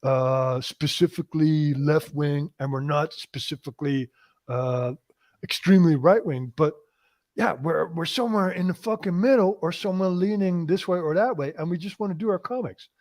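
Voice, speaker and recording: A man's voice: on the high side, normal speed, a little mellow. A man hosting a casual, profane chat, often cutting in with enthusiasm. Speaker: podcast host.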